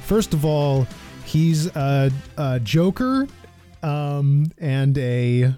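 A man's voice: on the high side, lively intonation, extremely slow, mellow, faint music behind. A man hosting a casual podcast chat, playful, laughing often and sometimes losing his thread mid-sentence. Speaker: podcast host.

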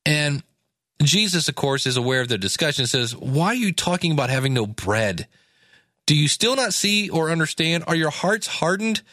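Man, casual bible teacher, slightly high voice, dry close sound, slangy paraphrasing. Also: normal speed, no room sound. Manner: reads scripture aloud, then paraphrases in casual slang; animated, acts out quoted lines.

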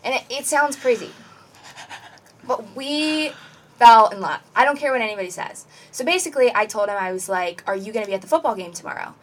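A young adult woman co-hosting a podcast, telling a long story in a rambling, animated way with plenty of "like" and "basically". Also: mid-range voice, rapid-fire, hardly any pauses, far from the mic. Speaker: podcast co-host. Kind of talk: casual chat, storytelling.

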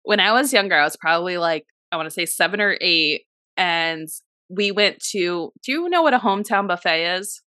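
Young female co-host, bright voice, chatty and profane storyteller, dry studio sound. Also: lowish voice, moderate pace, dry recording. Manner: animated storyteller, swears freely, heavy use of "like". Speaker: podcast co-host. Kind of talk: casual chat.

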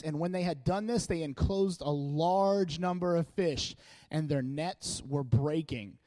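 A man with a slightly raised pitch preaches in a loose, conversational way. He jokes and stays animated as he talks a church crowd through scripture. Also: measured pace, no echo. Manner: chatty, joking, animated delivery. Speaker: church speaker. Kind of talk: casual sermon. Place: church meeting room.

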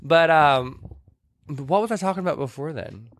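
A man's voice: fairly high pitch, normal speed, a little hiss or hum. A man with a Southern accent, co-hosting a casual chat and retelling a film with lots of life. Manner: animated storytelling with voices. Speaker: podcast co-host. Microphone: headphones with a close mic.

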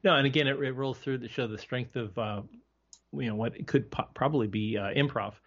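A man guesting on a casual film podcast, talking in halting bursts with many restarts. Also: medium pitch, fairly bright tone. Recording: dull lo-fi audio.

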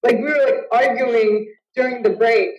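A woman's voice: on the high side, fairly even intonation, normal speed, darkish tone. A woman talking as a guest in a casual interview over a video call, filling her talk with "like". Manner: chatty, heavy use of filler "like". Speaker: guest, Muay Thai fighter. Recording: roomy, distant, dull call audio.

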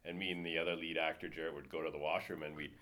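A man's voice: a bass voice, level tone, very fast, pushed and bright. A man chatting casually on a podcast, trading loose, laughing banter.

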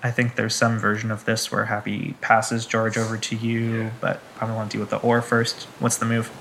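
A man narrating a tabletop game as game master, in measured, descriptive narration. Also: fairly low pitch, monotone, fairly bright tone, a little hiss or hum, low-quality recording.

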